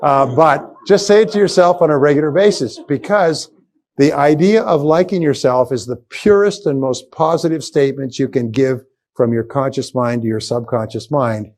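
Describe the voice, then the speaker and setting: A man's voice: medium pitch, moderate pace, a little mellow. A man giving a live seminar lecture as a motivational speaker, emphatic and repetitive as he drills key phrases home. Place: seminar room with a live audience.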